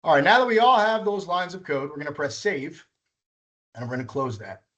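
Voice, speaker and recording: A man's voice: on the high side, fairly quick, fairly bright tone, dull audio. Patient man teaching a coding workshop. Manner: patient, walks through steps, self-correcting. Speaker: workshop instructor. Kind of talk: live coding tutorial.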